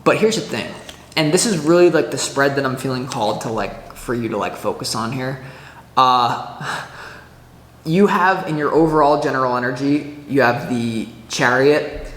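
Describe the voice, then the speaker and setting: A man giving a casual weekly tarot reading to camera, chatty and animated, full of restarts and filler words, acting out little scenes as he explains. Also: medium pitch, moderate pace. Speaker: tarot reader. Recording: echoey room with long reverb.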